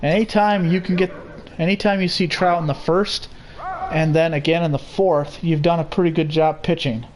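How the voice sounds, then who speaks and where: A young man calling a baseball game play by play, steady and unhurried, with casual asides. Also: on the high side, a little hiss or hum. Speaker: play-by-play commentator. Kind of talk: simulated baseball commentary.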